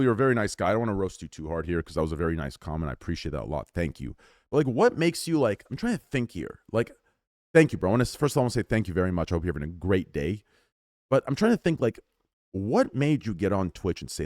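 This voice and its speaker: A male streamer rambles to his live chat in a loose, profane way, hopping from topic to topic. His pitch swings widely from line to line. The sound is close and dry, with almost no room echo. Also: very animated, fast, darkish tone. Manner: rambling, profane, self-mocking, jumps between topics.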